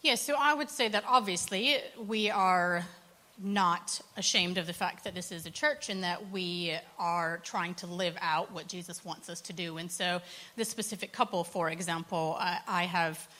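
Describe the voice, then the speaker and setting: Bright, earnest woman telling stories. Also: on the low side, moderate pace. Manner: earnest, animated storyteller. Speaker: church poverty support worker. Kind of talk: panel conversation storytelling.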